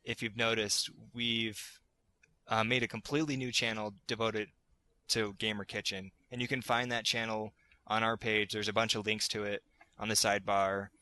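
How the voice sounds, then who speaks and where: A man's voice: lowish voice, level tone, normal speed, bright, forceful tone. A man hosting a casual gaming podcast, rambling a little and often restarting his sentences. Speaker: podcast host.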